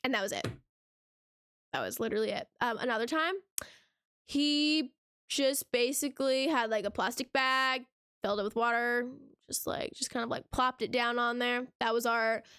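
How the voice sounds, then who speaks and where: A woman's voice: fairly high pitch, moderate pace, fairly bright tone, clear, resonant tone, dry recording. A young woman hosting a reaction channel, ranting casually to camera in a sarcastic, exasperated way, full of rhetorical questions.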